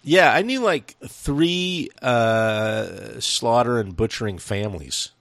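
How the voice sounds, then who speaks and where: Gravelly-voiced man telling rambling stories. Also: medium pitch, lively intonation, slow, fairly bright tone, no echo. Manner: rambling, profane storyteller. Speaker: podcast co-host. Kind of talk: casual chat about a film.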